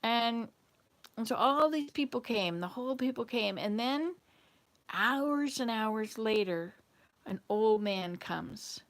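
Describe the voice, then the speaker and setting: A woman's voice: on the high side, animated, slow. A woman from the Southern United States hosting, telling a story in a casual, rambling, digressive way. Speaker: host.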